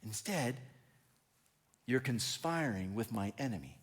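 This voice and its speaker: A man's voice: on the high side, very animated, normal speed. A man voicing a paranoid, jealous king who fires off accusing, self-pitying questions. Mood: aggrieved.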